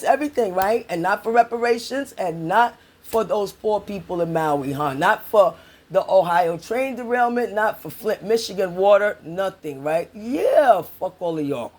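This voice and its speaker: A middle-aged woman from New York delivering an angry, profane political rant to her viewers, repeating herself for emphasis. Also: medium pitch. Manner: profane, emphatic, repetitive, addresses viewers as y'all. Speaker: political vlogger.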